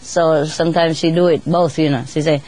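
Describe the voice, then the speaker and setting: Chatty, laughing woman with lower voice. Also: steady tone, normal speed, mellow. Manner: laughs often between phrases; non-native English with dropped grammar. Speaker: bird keeper telling stories. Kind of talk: casual storytelling.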